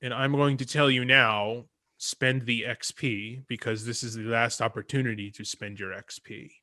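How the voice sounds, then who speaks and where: Bright-voiced man running a tabletop game. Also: medium pitch, steady tone, normal speed. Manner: laughing, playful, voices characters on the fly. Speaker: game master.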